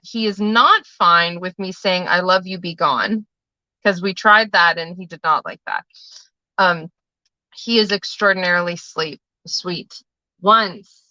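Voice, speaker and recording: A woman talks off the cuff on a livestream, drifting from story to story and tossing in the odd swear word. Her voice is bright and forward. The sound is dry and a little dull, like a lo-fi stream. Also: mid-range voice, no echo. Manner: rambling, chatty storytelling with casual swearing. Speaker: livestream host and tarot reader. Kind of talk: casual live-stream chat.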